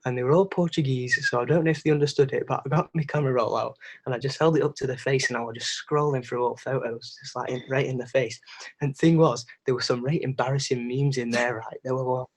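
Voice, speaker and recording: A young man with a husky, breathy voice tells a holiday mishap story on a podcast. He talks in a casual, animated way and swears freely. His pitch sits in an ordinary middle range. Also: fast. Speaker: podcast co-host.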